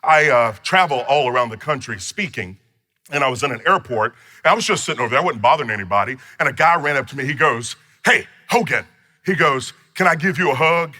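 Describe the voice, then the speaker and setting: A man's voice: medium pitch, expressive, quick pace, bright, forceful tone. A man teaching a personal finance course in an emphatic, storytelling way with playful asides. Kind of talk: motivational teaching talk.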